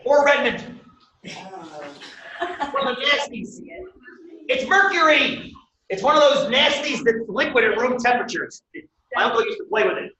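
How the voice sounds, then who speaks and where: A man teaching a college class, lively and quizzing his students with questions. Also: extremely high pitch, moderate pace, pauses often, a little hiss or hum. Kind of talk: classroom lecture. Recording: echoey room, distant dull mic.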